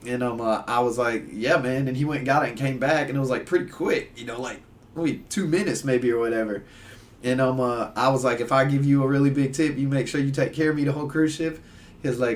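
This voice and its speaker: A man, a podcast guest telling stories in casual chat, animated and acting out the people he quotes. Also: medium pitch, fast, far from the mic. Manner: animated, laughing storyteller who acts out voices. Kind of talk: casual storytelling.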